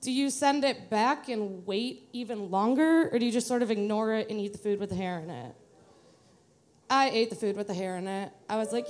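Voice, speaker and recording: A woman's voice: mid-range voice, moderate pace. A young adult woman from the Detroit area, telling a live personal story to an audience in a chatty, self-mocking way. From Metro Detroit, USA.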